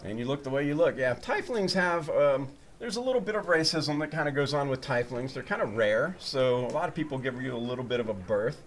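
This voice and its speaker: A man narrating a tabletop game as game master, at an ordinary middle pitch. He talks loosely and rambles, filling gaps with "um" and "uh" as he sets the scene. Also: animated, a little fast, slight background noise. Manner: rambling, loose, with many fillers.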